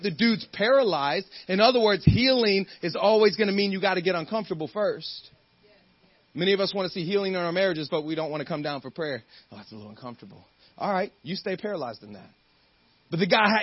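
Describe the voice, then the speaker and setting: A man with a husky voice preaches a sermon as a guest speaker, captured in a dry, muffled recording. He's animated, acting out the figures in his story and growing loud and fired up at the high points.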